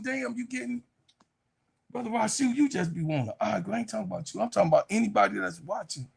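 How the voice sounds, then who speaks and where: A man hosting a casual sports live stream, reading chat aloud, excitable and profane, often breaking into laughter. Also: high voice, gravelly, breathy edge.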